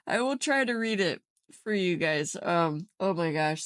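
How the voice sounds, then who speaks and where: A woman's voice: fairly low pitch, moderate pace, hardly any pauses, no echo, clean studio sound. A woman vlogging from her home craft room, opening a craft swap and bursting into giggles as she talks. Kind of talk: casual unboxing chat.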